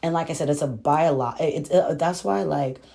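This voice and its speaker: A woman's voice: deep voice, normal speed, creaky, warm tone. A woman hosting a reaction video, chatting casually to viewers and acting out what the people on the show said. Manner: chatty, addresses viewers as y'all, acts out quotes. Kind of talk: casual reality-show recap and commentary.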